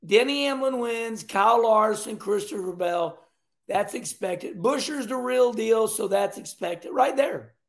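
Guy in his 60s doing racing talk on his own show, high gravelly voice, chatty and folksy, repeats stuff. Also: unhurried, roomy sound. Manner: animated, folksy, repeats himself, laughs often. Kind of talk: casual commentary.

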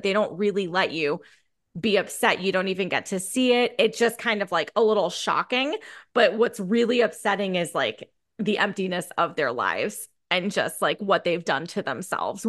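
Woman rambling about a film, lots of likes, casual chat, middle pitch. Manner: chatty, many fillers and restarts. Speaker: podcast co-host.

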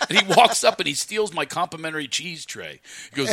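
A middle-aged man telling stories in a casual chat, animated and acting out quotes with loud high shouts. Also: a little fast, no room sound. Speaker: comedian telling stories on a podcast.

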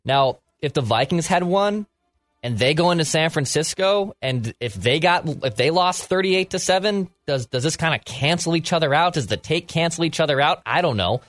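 A man's voice: a little high, lively intonation, moderate pace, fairly bright tone, dry recording, faint music behind. A man in a casual sports talk show, thinking aloud as he rambles through a game.

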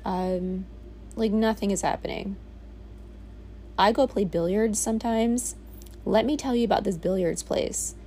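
Brief: woman in her 30s, vlog diary, rambling and candid, gravelly mellow tone, faint background hiss. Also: mid-range voice, a little slow, pauses often. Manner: rambling, candid, with frequent "like" and swearing. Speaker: vlogger. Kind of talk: reflective casual monologue. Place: on a boat in a small village.

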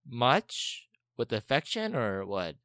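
A man's voice: mid-range voice, big pitch swings, slow pace, bright, forceful tone, dry recording, studio quality. A man co-hosting a podcast, chatting casually in a teasing, giggly way. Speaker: podcast co-host. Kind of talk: casual chat.

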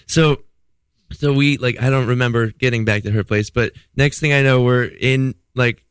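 A man telling a comic story in casual talk, excitable, swearing freely and acting out what people said. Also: medium pitch, normal speed, smooth, dry recording. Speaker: podcast guest telling a story.

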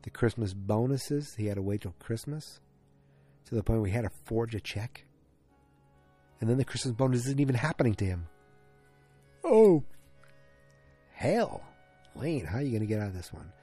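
A man's voice: lowish voice, brisk, dark tone, faint music behind. A man giving a casual, rambling recap of a TV episode, with many ums and restarts. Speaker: TV episode reviewer.

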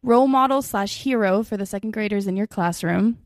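A woman's voice: medium pitch, a little fast, dry recording, clean studio sound. A young woman from Washington state co-hosting a podcast, chatting in a bubbly, jokey, rambling way with lots of fillers. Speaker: podcast co-host. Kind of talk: casual chat.

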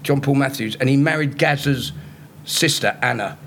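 Gravelly comedian telling stories. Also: male voice, mid-range voice, moderate pace, a little hiss or hum. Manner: animated, laughs through his own punchlines. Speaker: comedian guest. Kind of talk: anecdotal storytelling. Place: live podcast show in front of an audience.

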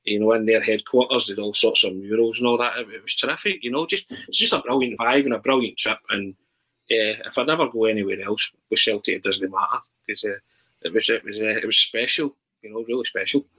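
Husky, forceful man telling stories. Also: on the low side, fast talker, rough recording. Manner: animated storyteller, frequent restarts. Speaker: guest. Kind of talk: casual chat.

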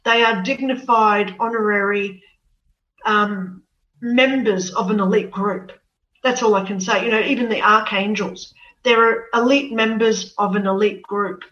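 A woman's voice: medium pitch, fairly even intonation, a little slow, a bit bright. A woman telling her personal story as an interview guest, earnest and repeating words as she goes. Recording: echoey, distant, dull sound.

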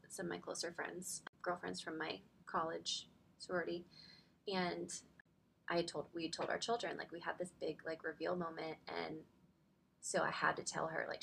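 A woman in her thirties speaks with a lowish, gravelly voice that crackles with vocal fry. Her tone is bright and forward, and she talks in a chatty, rambling way, full of "like". She sounds close to tears at times. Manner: chatty, fills speech with "like". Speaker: podcast guest. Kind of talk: personal storytelling in a faith podcast conversation.

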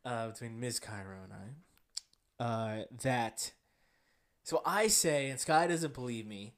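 A man with a New Jersey accent, co-hosting a podcast in casual chat, reading a story with a deadpan delivery and bursts of laughter. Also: medium pitch, slow. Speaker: podcast co-host.

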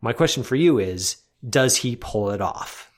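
A man's voice: medium pitch, expressive. Man hosting a film-review podcast. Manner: measured, scripted-sounding introductions with small restarts. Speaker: podcast host.

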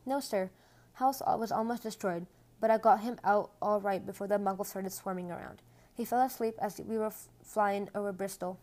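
A woman doing a gruff, soft-hearted giant of a man. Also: mid-range voice, steady tone, moderate pace, close to an everyday voice. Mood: eager. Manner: tearful, stammering.

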